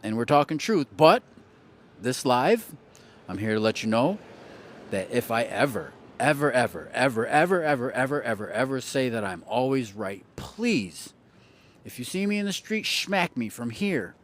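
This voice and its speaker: A playful man chatting on a live stream, his pitch jumping around as he teases the viewers. He often repeats words in a sing-song way to make a point. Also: big pitch swings, normal speed, a bit bright. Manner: playful, jokey, teasing viewers. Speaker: astrology livestream host. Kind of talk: casual livestream chat.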